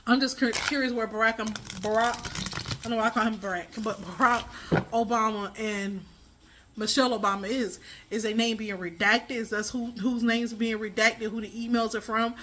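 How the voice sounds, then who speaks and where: A woman with a fairly high, bright voice talks to her viewers in loose, rambling commentary. She speaks with emphasis and stops to restart her thoughts often. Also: steady tone, normal speed, a little hiss or hum. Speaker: tarot reader. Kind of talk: casual spiritual commentary.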